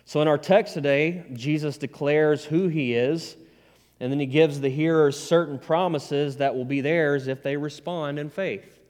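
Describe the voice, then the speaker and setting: A man's voice: a little high, steady tone, unhurried, a little mellow, in a large hall. A man preaching a sermon as pastor, plainspoken and conversational with folksy asides.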